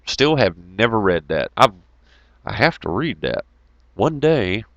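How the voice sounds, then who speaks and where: A man rambles through a casual monologue, swearing freely and laughing as he tells animated stories. His voice is on the low side and a little slow. The recording is dry, with the highs cut off.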